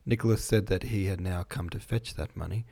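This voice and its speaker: A man giving a relaxed, informal reading of a classic novel, stumbling on long words and rereading them. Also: sits low, brisk, gravelly. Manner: chatty asides between passages. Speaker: reader.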